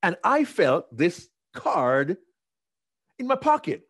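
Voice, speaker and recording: A man's voice: sits high, slow pace. Older guy giving a keynote speech, tells stories big and dramatic, voice jumps all over. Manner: dramatic storytelling, animated. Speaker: keynote speaker.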